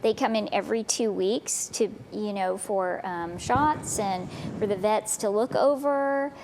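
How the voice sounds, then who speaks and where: A woman from a local animal shelter talks in a casual TV studio interview, chatty and upbeat, filling pauses with ums and you-knows. Her voice sits at a middle pitch, with a faint hum of noise behind it. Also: darkish tone. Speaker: animal shelter representative, guest.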